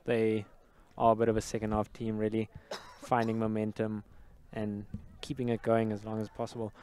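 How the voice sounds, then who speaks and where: A man doing live play-by-play commentary at an outdoor sports match, calling the action in a steady, descriptive way. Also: on the low side, moderate pace, clear, resonant tone.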